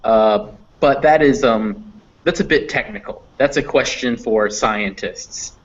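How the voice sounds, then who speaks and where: A man's voice: mid-range voice, measured pace. Male online teacher, patient and explanatory, mid-range voice, muffled call audio. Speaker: online English phonetics teacher. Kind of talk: live online class explanation. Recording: dull lo-fi online class audio.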